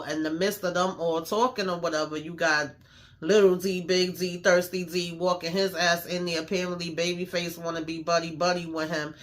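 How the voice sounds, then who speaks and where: Bright-voiced man recapping a TV episode. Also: a little high. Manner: slangy, emphatic storytelling with many fillers. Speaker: TV show recap host.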